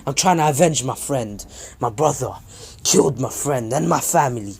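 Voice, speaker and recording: A man's voice: medium pitch, animated, moderate pace, vocal fry, a little hiss or hum. An angry, revenge-driven teenage ninja boy who demands a fight, as a man telling a fan story voices him. The voice stays in a normal mid-range and pushes a little harder than the narration, with no real character voice. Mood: angry, demanding. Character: angry, vengeful teenage male ninja rival.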